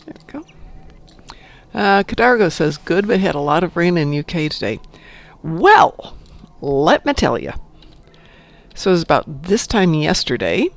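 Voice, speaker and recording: A woman's voice: low-pitched, creaky. A woman streaming a game, chatting casually, telling stories and cheering at the game. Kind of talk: casual chat while gaming.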